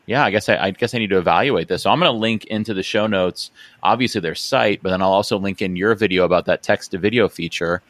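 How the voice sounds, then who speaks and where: A man hosting an education podcast, talking in a relaxed, casual way and at times reading website text aloud. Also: low-pitched, quick pace, few pauses, no echo. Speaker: podcast host.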